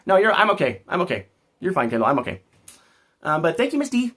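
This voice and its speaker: A man's voice: a little high, very animated, quick pace, pauses often, fairly bright tone. A man hosting a casual livestream, rambling and joking as he talks back to his chat. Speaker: livestream host.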